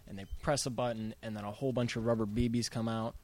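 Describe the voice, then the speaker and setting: A man's voice: mid-range voice, level tone, fast talker, a little mellow, a little hiss or hum. A man from Ohio chatting casually as a podcast co-host, telling rambling stories and laughing through them. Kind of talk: casual chat.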